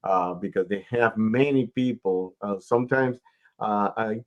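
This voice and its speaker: A man's voice: fairly low pitch, lo-fi sound. A man hosting a radio interview show, who also manages talent, giving long advice in a casual, explaining way. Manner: slow, advising, explains at length.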